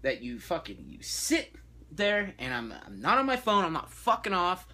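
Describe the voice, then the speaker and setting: Young man vlogger, husky bright voice, lively swearing rant, casual. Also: high voice, normal speed. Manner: profane, exasperated ranting.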